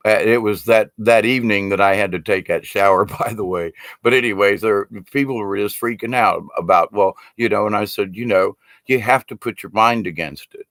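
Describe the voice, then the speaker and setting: An older shamanism speaker, his voice lowish and a bit bright, rambles through casual stories about his teachings at a normal speed with few pauses. He laughs often and drops casual swears. The studio sound is clean, with no room sound.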